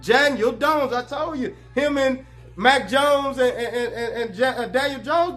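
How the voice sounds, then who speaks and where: Guy riffing on football games, high voice, faint music behind. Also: a little slow. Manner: animated, joking, heavy slang. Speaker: sports talk show host. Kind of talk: casual sports commentary.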